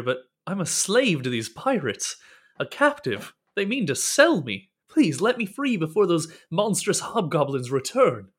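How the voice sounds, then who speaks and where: A bedraggled male captive who once sang for a living, played by a man at the gaming table. He gushes with thanks one moment and spits bitter curses about the boss who betrayed him the next. His voice sits a little high for a man. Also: a bit bright. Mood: pleading, grateful. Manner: grateful then resentful, swears freely. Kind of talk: tabletop role-play character voice.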